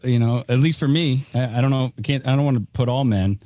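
A man's voice: medium pitch, brisk, warm tone, dry recording. Man in a dry, close recording, musing. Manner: hesitant, many fillers like "you know", candid. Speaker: podcast host giving advice. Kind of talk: reflective conversational advice.

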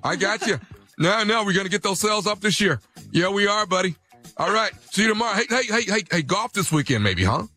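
A man's voice: high voice, lively intonation, a little fast, pushed and bright, soft background music, voice pushed up, heavily acted. Man doing a fake-cheerful salesman voice. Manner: overly upbeat, salesy, chummy. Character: phony man faking a polished business voice on the phone.

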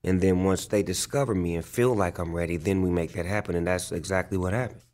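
A male rapper with a voice that sits low and darkish talks fast with fairly even intonation. In this casual interview he tells stories loosely and profanely, full of fillers and frequent "like."

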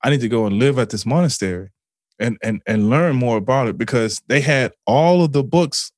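A man's voice: mid-range voice, expressive, a little fast, no echo, studio quality. A man as a podcast guest, telling a personal story in an earnest, emotional way, with swearing, fillers and frequent restarts.

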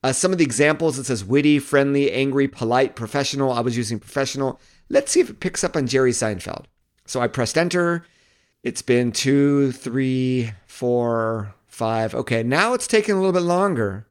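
A man's voice: mid-range voice, expressive, normal speed. A man hosting a casual walkthrough of a marketing tool, chatty and thinking aloud. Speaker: marketing video host. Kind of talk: casual screen-recording walkthrough.

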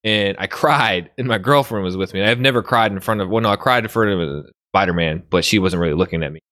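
A young man co-hosting a casual podcast chat, animated and laughing often as he goes off on tangents. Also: fairly low pitch, fast talker, no room sound, studio quality. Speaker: podcast co-host.

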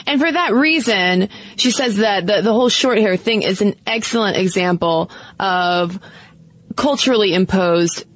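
A woman's voice: mid-range voice, normal speed, no echo. A woman co-hosting a casual chat show, thinking aloud with frequent restarts. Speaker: podcast co-host.

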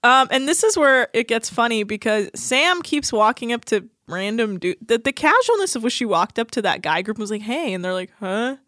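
A woman's voice: a little high, very animated, normal speed, few pauses, a bit bright, no echo, clean studio sound. A woman casually recapping a TV show with a co-host, laughing often and acting out quotes in playful voices. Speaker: podcast co-host.

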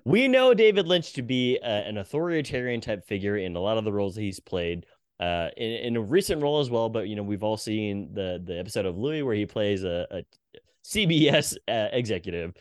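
A man co-hosting a podcast in casual chat, playful, laughing often and trying quick impressions. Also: fairly low pitch, expressive, dry recording, clean studio sound. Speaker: podcast co-host.

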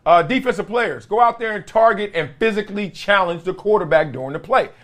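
A man's voice: high voice, fairly quick, fairly bright tone. A young adult man hosting a podcast in casual, slangy sports talk, laughing between jokes. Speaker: podcast host.

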